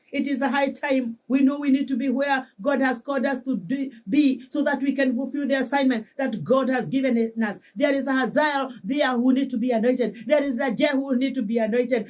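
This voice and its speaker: A woman pastor with a Kenyan accent delivering a fervent sermon, switching between English and local languages and rising to shouts for emphasis. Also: high voice, recorded from a distance.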